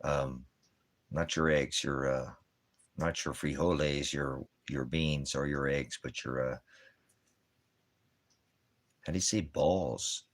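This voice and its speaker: A very deep male voice holds a steady tone at a little slow pace. The man is streaming a ministry broadcast from home, dog and fire nearby, rambling casually with plenty of puns and rhyming wordplay.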